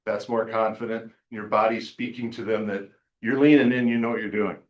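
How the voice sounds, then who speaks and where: A man leading a team workshop in a meeting room, joking and energetic as he runs practice drills. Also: on the low side, a little fast, lo-fi sound. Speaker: team leader coaching agents. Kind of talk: workshop coaching talk.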